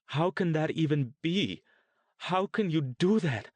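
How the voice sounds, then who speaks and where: A man's voice: fairly high pitch, expressive, a little slow, no echo, pitched above the performer's own voice. A man voicing a frightened, defiant mother held captive, talking in a pleading, fierce way in an audiobook. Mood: shocked.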